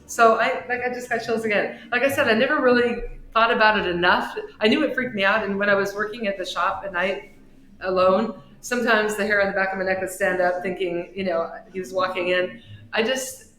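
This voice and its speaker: A woman guest on a podcast, an author and shop owner, telling a personal story with big swings in pitch and volume. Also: fairly quick. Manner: expressive storyteller with wide swings in pitch and loudness. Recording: echoey room with faint noise.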